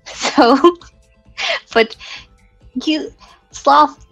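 A woman player chatting during a tabletop game, giggly and self-deprecating. She talks slowly, and the recording is dry and close. Faint music plays behind her. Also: medium pitch, fairly bright tone, no echo, rough recording.

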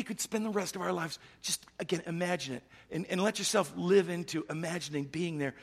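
A middle-aged man preaching a sermon, swinging from loud, urgent emphasis down to a hushed near-whisper. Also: sits high, brisk, creaky, hardly any pauses, breathy edge. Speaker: pastor.

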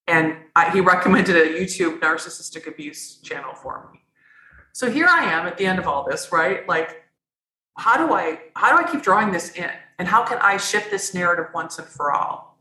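A woman's voice: on the low side, animated, normal speed, bright, forceful tone, roomy sound, low-quality recording. A woman guest on a podcast, telling her own story candidly and earnestly, often restarting her sentences. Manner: earnest, rambling, frequent restarts.

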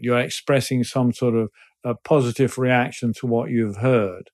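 Older man, mid-pitched, hesitant and thoughtful, interview guest. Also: fairly even intonation, unhurried, darkish tone. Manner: thoughtful, hesitant, many fillers. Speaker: guest, business person.

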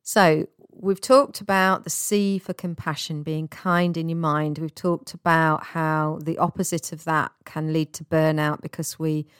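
A woman hosting a self-help podcast, talking gently and casually and laughing at herself now and then. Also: low voice, fairly even intonation, measured pace, few pauses, smooth, no echo, studio quality. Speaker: podcast host.

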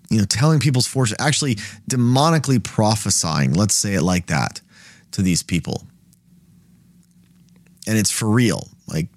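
A man's voice: mid-range voice, no room sound, clean studio sound. A man hosting a Bible study, explaining scripture in a casual, conversational way and thinking aloud as he goes.

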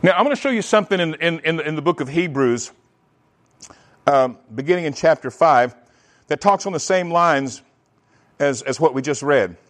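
A man preaching a sermon in an animated way, often restarting his words. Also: fairly high pitch, normal speed, long pauses. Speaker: pastor.

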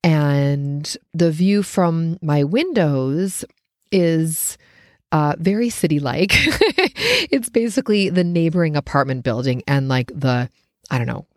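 Woman hosting her own show, telling a story, kinda low voice, laughs a lot and gets squeaky when excited, dry close mic. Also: slow pace, dry recording. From United States. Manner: animated and expressive, laughs often, pitch jumps up when excited. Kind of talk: casual storytelling monologue.

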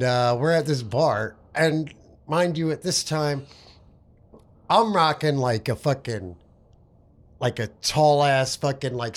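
A man eases into his own story on a podcast, chatty and relaxed, with swearing woven into his phrasing. His voice is mid-pitched and conversational. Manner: laid-back, profane, chatty. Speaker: podcast co-host. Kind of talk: casual storytelling.

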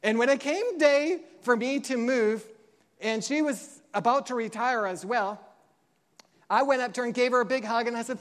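This male pastor's sermon is full of lively stories in which he performs quotes with dramatic pitch leaps. When the material turns emotional, his voice goes quiet and slow.

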